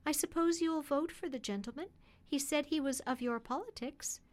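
A woman reading the part of a cab driver's wife, speaking eagerly and higher. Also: moderate pace, lightly acted. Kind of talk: reading a children's classic on radio.

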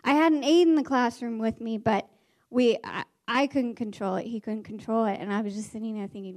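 A woman, a former teacher, tells a story in an animated way, acting out the voices of the people in it. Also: a little high, moderate pace. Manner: animated, acts out the characters' voices.

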